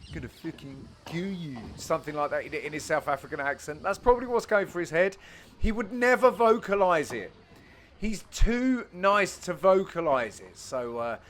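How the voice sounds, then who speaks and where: A bright-toned man with a fairly high voice gives jokey voice-over commentary on his own amateur padel match. He teases his mates and breaks into sudden excited bursts. Faint ambient noise sits behind him. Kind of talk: casual self-deprecating match commentary.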